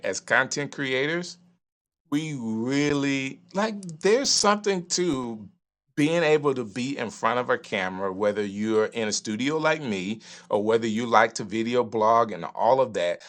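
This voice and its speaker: A middle-aged man with a Southern US accent, hosting a live stream from his studio and giving emphatic, animated advice. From Southern United States. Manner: animated, emphatic, varying pitch and pace. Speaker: live streaming show host. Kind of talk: casual advice talk to a live audience.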